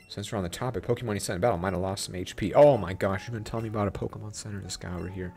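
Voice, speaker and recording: Young man, low voice, rapid, excited game commentary, playful. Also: gravelly, faint music behind. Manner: hyped, playful, talks to the game. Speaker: gaming channel host. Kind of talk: excited let's play commentary.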